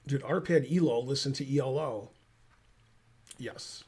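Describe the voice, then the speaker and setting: A man commentating a chess game on a live stream, with dry, deadpan wisecracks. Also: medium pitch, measured pace, breathy edge.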